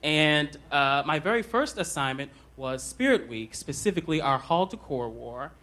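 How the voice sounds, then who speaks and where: A man's voice: on the high side, animated, normal speed, sharp tone. A young man telling a comic personal story on stage at a live show, conversational and self-deprecating, with many ums. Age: young adult.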